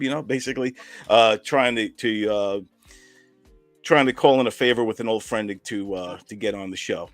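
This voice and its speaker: Low-voiced man rambling through a story. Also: normal speed, no room sound, soft background music. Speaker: filmmaker and comedian. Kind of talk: casual chat. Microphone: video call.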